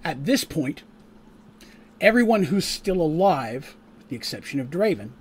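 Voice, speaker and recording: A man narrating a tabletop game as game master, casual and full of fillers, pausing to explain rules. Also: on the high side, sing-song, husky.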